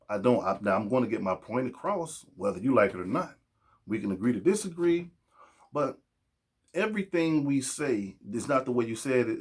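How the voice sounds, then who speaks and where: Man, podcast host, husky, emphatic monologue. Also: medium pitch, a little mellow. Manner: preachy and emphatic, acts out quoted voices. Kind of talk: casual opinion monologue.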